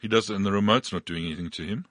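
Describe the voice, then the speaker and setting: A man's voice: lowish voice, rapid-fire, a bit bright, no room sound. A man hosting a casual chat, teasing and quizzing his guest.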